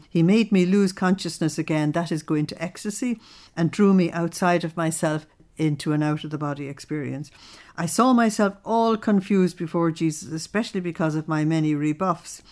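A woman with a fairly low voice reads a devotional diary aloud and stops now and then to explain it. Her manner is earnest and reflective. She gives the quoted prayers real feeling. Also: darkish tone. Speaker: religious teacher.

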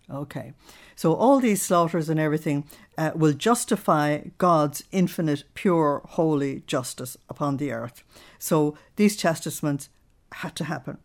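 Earnest woman explaining a devotional text. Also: sits low. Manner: earnest, explanatory, pauses to comment between readings. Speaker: Bible study teacher. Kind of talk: devotional reading with commentary.

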